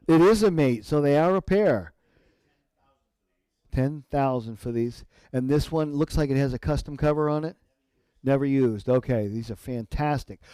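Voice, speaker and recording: A man calls a live auction in a steady, rhythmic patter, repeating numbers as the bids climb. His voice is mellow and middle-pitched. The sound is close and dry, with little room around it. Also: clean tone, dry recording. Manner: rhythmic rapid bid calling with repeated numbers. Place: auction gallery.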